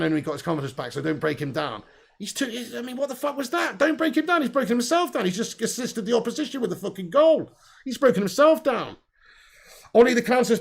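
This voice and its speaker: A man's voice: high voice, vocal fry. A young man hosting a live football watch-along, reading viewer comments aloud and answering them bluntly, with plenty of swearing.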